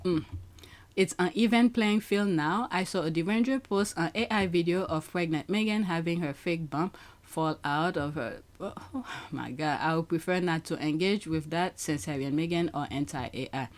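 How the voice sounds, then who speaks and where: A woman's voice: on the low side, moderate pace. Chatty woman hosting a commentary channel. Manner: chatty, laughs often, talks to viewers. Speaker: channel host. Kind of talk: casual commentary on social media posts.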